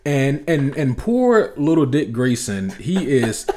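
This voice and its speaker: A man's voice: mid-range voice, very animated, slow pace, a little mellow. A male podcast co-host chatting casually about comics. He rambles, repeats himself as he restarts thoughts, and swears freely. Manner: rambling, profane, frequent restarts. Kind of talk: casual comic book chat.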